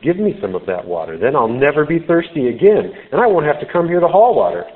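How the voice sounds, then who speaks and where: A man's voice: mid-range voice, sing-song, unhurried. A man voicing a sarcastic, skeptical Samaritan woman at a well in a sermon retelling, his voice raised and mocking. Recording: tinny phone-like sound.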